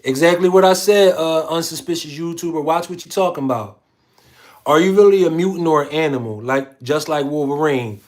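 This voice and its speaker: A man's voice: fairly high pitch, fairly quick. A man hosting a casual livestream, reading viewer comments aloud in a slangy, laid-back way. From Philadelphia. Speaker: livestream host.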